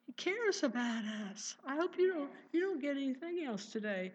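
A woman's voice: sits high, big pitch swings, normal speed. A woman preaching a sermon with fervent conviction and repeated exclamations of praise. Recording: dull lo-fi recording.

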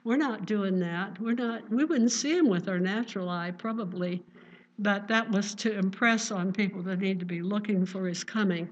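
A woman's voice: mid-range voice, moderate pace. Earnest older woman preaching, lo-fi. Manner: gentle, earnest, conversational with scripture quotes. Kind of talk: sermon. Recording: dull lo-fi recording.

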